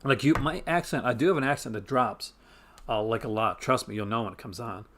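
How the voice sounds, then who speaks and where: A man from Newfoundland talks with a Canadian accent in casual live-stream chatter. His pitch sits at an ordinary middle level. He rambles, trips over his own sentences and chuckles along the way. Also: brisk, fairly bright tone. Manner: rambling, self-interrupting, chuckles often.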